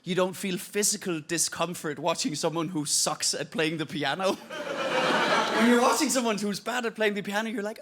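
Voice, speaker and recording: Man, Danish native, Irish-tinged English, high voice, stand-up comedy set, loud background noise. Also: normal speed. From Denmark. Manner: self-deprecating, animated storytelling with voices. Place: comedy stage.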